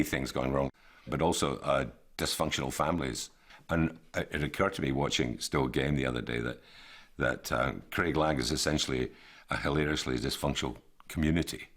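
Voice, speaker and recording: A man speaks in a very deep voice, musing through anecdotes in a documentary interview. He is relaxed and conversational. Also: moderate pace. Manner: reflective, anecdotal.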